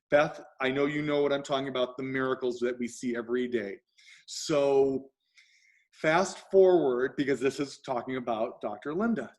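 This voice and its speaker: Man, talk show host, animated storytelling, acts out quotes, changing pace. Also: medium pitch. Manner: acts out quoted voices, shifts pace often.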